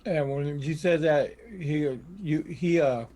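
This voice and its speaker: A male player jumps into the tabletop game with eager questions and jokey actions, tripping over restarts as he goes. His voice sits on the higher side for a man. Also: slow, mellow. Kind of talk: casual tabletop role-play.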